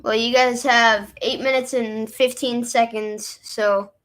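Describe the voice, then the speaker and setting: A woman's voice: on the high side, fairly even intonation, slow, fairly bright tone. A woman helping host a trivia game, chatting casually and hesitantly with lots of fillers. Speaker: co-host keeping time. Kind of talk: casual chat.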